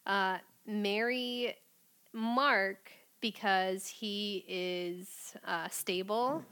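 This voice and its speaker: A woman in casual podcast chat, thinking aloud with hesitant pauses. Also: medium pitch, steady tone, fairly bright tone, clear, resonant tone. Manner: thoughtful, hesitant, with frequent "um" and laughs.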